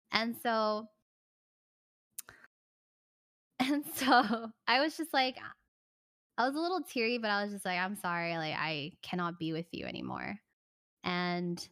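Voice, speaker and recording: A young woman streamer casually telling a story to her chat, animated and laughing, acting out the voices of the people in it. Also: medium pitch.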